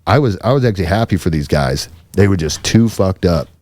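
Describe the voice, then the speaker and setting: Man, podcast host, low dark voice, dry close sound, swearing, rambling storyteller. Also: animated, brisk, no echo. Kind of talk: casual storytelling chat.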